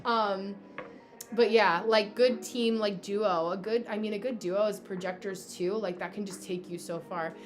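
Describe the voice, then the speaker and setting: A woman's voice: medium pitch, steady tone, a little slow, faint music behind. A young woman from New Jersey with a New Jersey accent, hosting a casual astrology livestream and chatting with viewers by name, full of fillers. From New Jersey, USA. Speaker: livestream host, astrology reader. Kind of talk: casual livestream chat reading comments.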